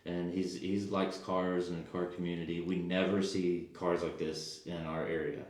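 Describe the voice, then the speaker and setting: A Texan man appears as a podcast guest, casually telling stories and acting out the quotes with animation, often stumbling and restarting. He speaks in a low voice at normal speed, and the room is very echoey.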